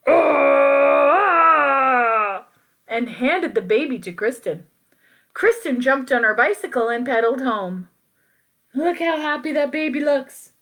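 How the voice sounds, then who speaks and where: A woman reading a children's picture book aloud, playful and expressive, with asides to her young listeners. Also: a little high. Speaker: children's story reader.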